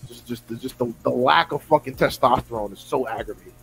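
A man's voice: medium pitch, a little fast, gravelly, few pauses, a bit bright, soft background music, rough recording. A man on a podcast, ranting in a profane, exasperated way and mocking fans in put-on voices. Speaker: podcast co-host. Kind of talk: heated casual podcast rant.

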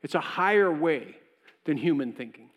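A man's voice: fairly high pitch, animated, moderate pace, long reverb tail, lo-fi sound. A man pastor preaching a sermon in a conversational way, acting out short voices of the people in his story. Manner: conversational preaching, acts out voices of God and Cain. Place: church.

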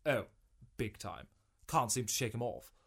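A vain, pompous writer holds forth in a radio sitcom. His delivery is theatrical and lofty, with wide pitch swings and a faintly husky tone. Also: lively intonation, measured pace, fairly bright tone, full character voice. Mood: languid. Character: vain pompous male writer, self-important.

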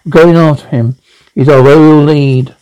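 A man's voice: fairly high pitch, fairly even intonation, unhurried, mellow, clean tone, dry recording, lightly acted, poor audio. An actor playing a terse, tough male investigator in an old-time radio drama, speaking in a clipped, commanding way. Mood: urgent.

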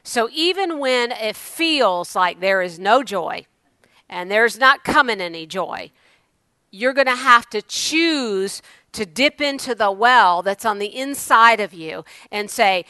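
A woman preaching a sermon, moving from loud exclamations to hushed asides. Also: mid-range voice, expressive, moderate pace, no echo.

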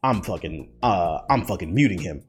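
A man mimicking an annoyed young streamer who brushes people off in a curt, dismissive tone. The voice sits a little lower than his own and sounds slightly distant from the mic. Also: lively intonation, moderate pace, slightly rough, soft background music, exaggerated voice.

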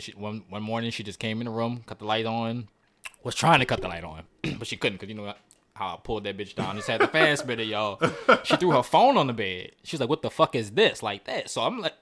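A man's voice: lowish voice, animated, brisk, fairly bright tone. A man in his twenties co-hosting a podcast, telling a story in a blunt, profane, casual way. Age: 20s. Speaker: podcast co-host.

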